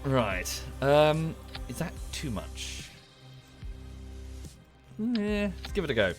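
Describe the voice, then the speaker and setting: A man talks his way through a game on a livestream, dry and self-deprecating, muttering half to himself. His pitch rises and falls a lot as he talks. Faint game music plays behind him. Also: very animated, slow pace. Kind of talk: casual gameplay commentary.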